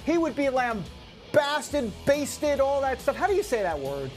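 Male host, animated, mock-incredulous commentary delivery. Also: extremely high pitch, measured pace, loud music behind the voice. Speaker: show host. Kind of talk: opinionated news commentary.

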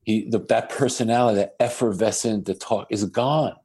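A man's voice: fairly low pitch, fairly even intonation, normal speed, darkish tone, breathy edge. A man who is a podcast guest, telling reflective stories with frequent restarts. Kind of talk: storytelling in a podcast conversation.

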